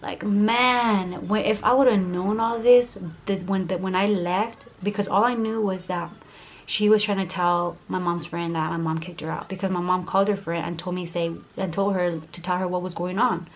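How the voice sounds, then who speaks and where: A woman's voice: fairly low pitch, fairly even intonation, moderate pace, a little hiss or hum. A young woman telling a heated storytime vlog, profane and full of "like" fillers. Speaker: YouTuber.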